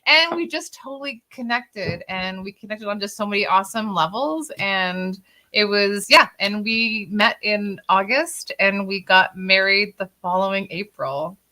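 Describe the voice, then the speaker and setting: A woman's voice: mid-range voice, a little slow, sharp tone. A woman from Ontario chatting on a video call, telling stories in a bubbly way and laughing often. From Ontario, Canada. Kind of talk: casual chat.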